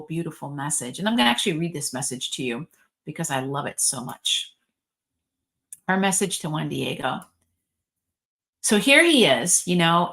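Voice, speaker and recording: A woman's voice: on the low side, a bit bright. A woman, a reverend, telling a religious story in an informal spiritual talk, chatty, with frequent ums and likes.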